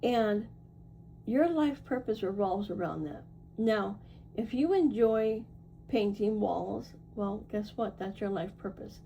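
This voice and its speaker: A woman's voice: medium pitch, takes it slowly, vocal fry, dark tone, slight background noise, rough recording. A woman giving a casual tarot reading to her viewers, reassuring and chatty, often checking in with "right?" and "okay?". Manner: loose and chatty, with fillers and self-corrections. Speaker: tarot reader.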